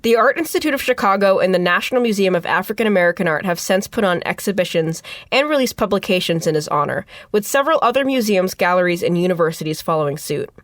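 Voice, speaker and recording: A woman's voice: fairly low pitch, expressive, fast talker, hardly any pauses, no room sound, studio quality. A young adult woman co-hosting a casual podcast, reading researched notes with chatty asides. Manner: reads informative passages steadily, with chatty asides. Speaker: podcast co-host presenting research.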